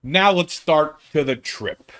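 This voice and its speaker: An American comedian chatting casually about a trip, rambling and interrupting himself, often checking in with "okay?". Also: male voice, on the high side, animated, slow pace, sharp tone, clear, resonant tone. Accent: American English. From United States. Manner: rambling, self-interrupting, keeps asking "okay?". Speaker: comedian telling a travel story. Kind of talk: casual chat.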